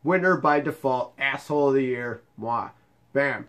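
A man's voice: mid-range voice, a little slow, a bit bright. Young man, gamer, profane, sarcastic, heckling the game. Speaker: gaming YouTuber. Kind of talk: profane let's-play commentary.

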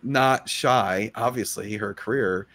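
A man hosting a casual livestream chat, with a rough, smoker-like voice, rambling in a laid-back way with lots of fillers. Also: fairly low pitch, slow, fairly bright tone. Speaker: host.

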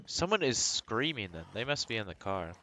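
A man chatting casually on voice chat while playing a zombie game with friends, joking and reacting loudly. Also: lowish voice, big pitch swings, moderate pace, a little hiss or hum. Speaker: gamer. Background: game music.

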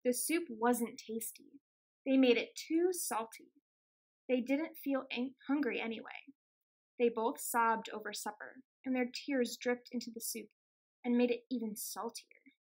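A woman reads a children's picture book aloud in a gentle, expressive storytelling voice. Her pitch sits high. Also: unhurried. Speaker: extension outreach reader.

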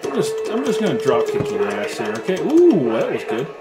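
Excitable swearing man over loud game music. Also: a little high, fairly quick. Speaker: retro gaming reviewer. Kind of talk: casual gameplay commentary. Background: loud arcade game music.

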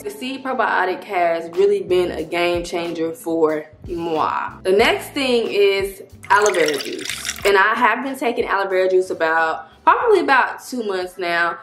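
Chatty woman vlogging in an echoey room. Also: lowish voice. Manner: chatty, rambling, addresses viewers as y'all. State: slightly out of breath. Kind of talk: casual talking-head vlog.

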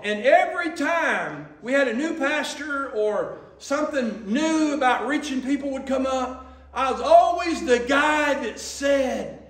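A man voicing a stubborn church elder in his eighties who speaks slowly and emphatically, at times shouting. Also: very high-pitched, pitched above the performer's own voice, exaggerated voice. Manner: slow, emphatic, rising to shouts. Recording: echoey church from a distance.

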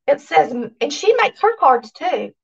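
A chatty Southern woman with a high voice and a gravelly edge talks excitedly to her viewers. She sounds a little distant and dull, as if the mic sits some way off. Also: unhurried. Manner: chatty, excitable, reads viewer cards aloud. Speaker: cooking channel host. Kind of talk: casual chat to viewers.

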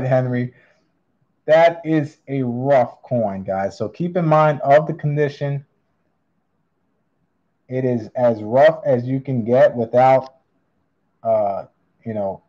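A man running a live online coin auction, calling bids in a drawn-out, upbeat patter. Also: medium pitch, mellow, muffled recording.

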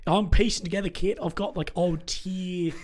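A young Australian man telling stories in a relaxed chat, with lots of fillers. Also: high-pitched, moderate pace. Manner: chatty storytelling, many fillers. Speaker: host. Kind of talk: casual chat.

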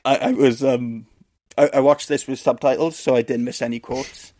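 Man, podcast co-host, chatty movie recap, dry recording, mid pitch. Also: fairly even intonation, moderate pace, dark tone, dry recording. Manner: rambling recap with restarts and laughs. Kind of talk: casual movie-recap chat.

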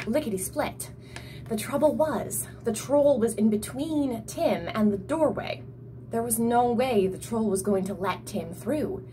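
A young woman with an energetic, bubbly manner, reading her own children's story aloud. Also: on the high side, a little slow, a little hiss or hum. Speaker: storyteller and author.

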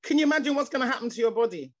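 A high-pitched woman preaching with fervour, her words tumbling out in restarts and repetitions before rising into cries of praise. She comes through a dull, lo-fi video call line. The sound is dry and close, with no room around it. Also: lively intonation, very fast, dry recording. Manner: fervent, repetitive, stumbling restarts, rising into exclamations. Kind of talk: sermon.

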